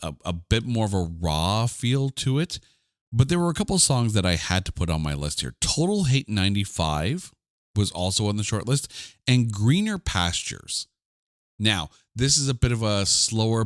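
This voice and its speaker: A man co-hosting a music podcast in a loose, chatty way, with plenty of "like" fillers. His voice sits low but rises and falls a lot. The recording is close and dry. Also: no echo. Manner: chatty and animated, with frequent "like" fillers. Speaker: podcast co-host. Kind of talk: casual music chat.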